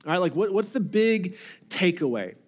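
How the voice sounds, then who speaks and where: High-voiced conversational male pastor. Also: sing-song, normal speed. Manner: conversational, repeats words, asks the congregation questions. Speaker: lead pastor. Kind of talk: sermon.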